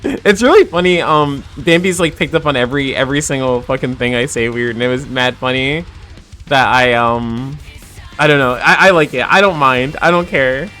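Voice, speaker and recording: A woman's voice: a bass voice, moderate pace, a bit bright, soft background music. A woman from New Jersey with a New Jersey accent, a little tipsy, chatting casually on a livestream, laughing often and swearing freely.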